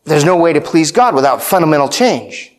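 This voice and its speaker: High-voiced man preaching emphatically. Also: very animated, a little fast. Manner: emphatic preaching with repeated phrases and frequent "right?". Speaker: pastor. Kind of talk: sermon.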